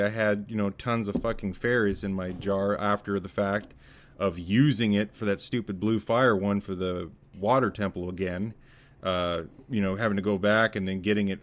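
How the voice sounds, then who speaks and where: Man, podcast co-host, casual chat, swears a lot, lively storyteller. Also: on the low side, moderate pace. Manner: swears freely, animated storytelling.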